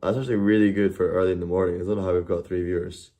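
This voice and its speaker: A man's voice: low-pitched, flat delivery, rapid-fire, mellow. A man chatting casually and rambling on a live stream, laughing and swearing as he goes.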